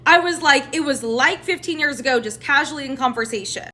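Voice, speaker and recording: A young woman telling a dating story to camera, animated and sarcastic, acting out each person's lines. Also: high-pitched, brisk. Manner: animated, sarcastic, acts out both sides of the dialogue. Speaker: TikTok storyteller.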